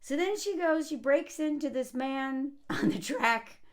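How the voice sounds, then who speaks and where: A woman's voice: sits high, lively intonation, unhurried. A woman reviewing a movie in casual spoken commentary, sarcastic and mocking, chatty with lots of likes and ums.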